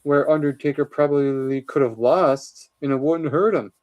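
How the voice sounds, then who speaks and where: A man in a casual vlog, going through his movie collection and giving chatty, opinionated takes, often pausing with uh and um. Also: on the high side, muffled recording. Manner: chatty, opinionated, with many uhs while listing titles. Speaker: vlogger showing his DVD collection.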